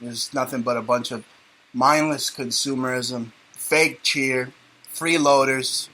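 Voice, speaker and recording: A man's voice: medium pitch, steady tone, slow, pushed and bright, low-quality recording. A man hosting a talk radio show, sarcastic and rambling in casual banter.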